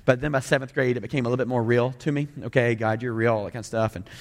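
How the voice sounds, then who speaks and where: A male pastor with a Southern American accent preaches a sermon to a big congregation. He is conversational and animated, throwing quick jokes to the crowd. His voice sits at a middle pitch, and a long reverb rolls through the large room. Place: large room with a couple hundred people.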